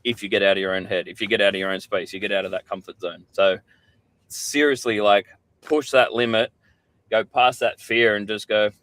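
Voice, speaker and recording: A man's voice: on the low side, steady tone, a little fast, a bit bright. A middle-aged Australian man, a podcast guest, telling candid stories in casual chat and swearing freely.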